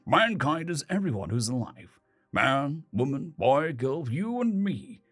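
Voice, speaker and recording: A man voicing a gentle young father who explains things slowly and patiently to his son. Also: fairly high pitch, big pitch swings, full character voice. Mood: patient, explaining. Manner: slow, explaining tone.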